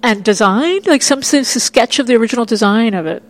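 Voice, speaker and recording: Playwright guest, woman from Miami, lively storyteller who plays out her own reactions in an interview indoors. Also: on the high side, brisk. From Miami, United States. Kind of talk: casual interview chat. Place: indoor room in Chicago.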